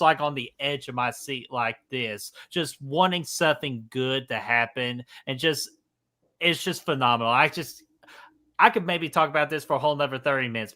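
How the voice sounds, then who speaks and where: A man co-hosting a casual movie podcast, excitable and joking, swearing freely. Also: medium pitch. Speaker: podcast co-host. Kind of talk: casual chat.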